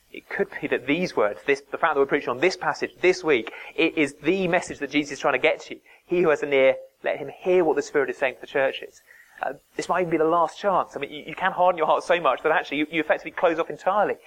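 A man's voice: fairly high pitch, fairly bright tone, poor audio. A man preaching a sermon, earnest and emphatic, dropping to near-whispers to stress a point.

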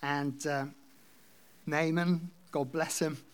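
A man's voice: on the high side, fairly even intonation, slow, clean tone. A man preaching a sermon, reading scripture aloud and explaining it in a conversational way. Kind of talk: expository sermon.

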